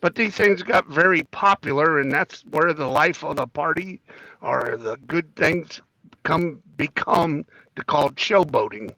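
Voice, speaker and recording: A man's voice: fairly high pitch, measured pace, pushed and bright, no echo. A man co-hosting a casual podcast, joking around and reading topics from a list. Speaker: podcast co-host. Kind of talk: casual chat.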